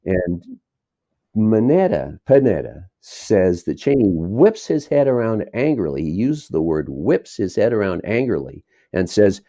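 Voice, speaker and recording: A man's voice: fairly low pitch, sing-song, measured pace, mellow, dry recording. A man being interviewed as a documentary filmmaker, talking in a rambling, digressive way and chuckling between thoughts. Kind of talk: casual interview talk. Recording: dull lo-fi dry sound.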